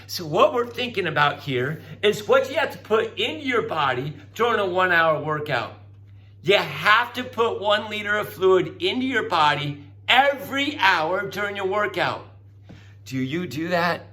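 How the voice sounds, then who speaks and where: A middle-aged man giving a classroom lecture, coaxing and animated, acting out voices as he explains. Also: high-pitched, normal speed. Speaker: teacher.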